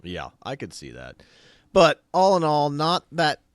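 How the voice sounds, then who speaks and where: Man, co-host, movie review chat, short agreeing replies, lively pitch, dry sound. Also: unhurried, no echo. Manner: brief agreeing interjections. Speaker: podcast co-host.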